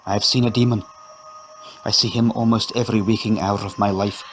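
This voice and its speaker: A man reading an audio story, voicing a downtrodden, haunted wife who speaks in a measured, grave and despairing way. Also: on the low side, fairly even intonation, faint music behind, close to an everyday voice, low-quality recording. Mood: bitter, despairing.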